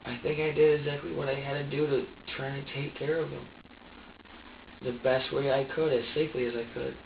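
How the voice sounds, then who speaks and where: A man being questioned by police, talking haltingly with many repeats, his voice often sinking low. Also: level tone, gravelly, recorded from a distance. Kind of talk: recorded police interview. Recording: dull echoey room recording from afar, faint hiss.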